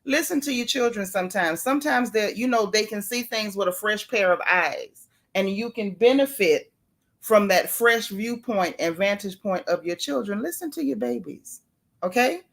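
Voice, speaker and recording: A woman's voice: mid-range voice, lively intonation, normal speed, vocal fry. A woman hosting a casual livestream, chatting and greeting viewers by name with folksy asides. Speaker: YouTube livestream host.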